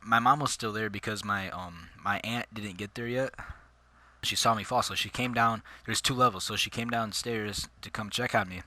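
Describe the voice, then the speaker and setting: A man's voice: fairly low pitch, moderate pace, sharp tone, no room sound. A man telling a personal story in casual, slangy vlog chat, calling his listeners dude and bro. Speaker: vlogger.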